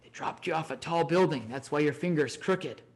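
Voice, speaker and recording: A man voicing a scheming, manipulative man who coaxes with hushed temptations. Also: fairly high pitch, normal speed, vocal fry.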